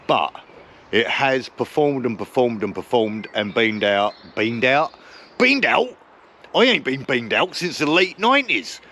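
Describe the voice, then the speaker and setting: A man's voice: mid-range voice, a bit bright, a little hiss or hum. A man chatting casually to camera on a woodland camping vlog, rambling and correcting himself with jokes. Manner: jokey, rambling, self-correcting. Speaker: camping vlogger. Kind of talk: casual outdoor vlog talk. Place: woodland outdoors.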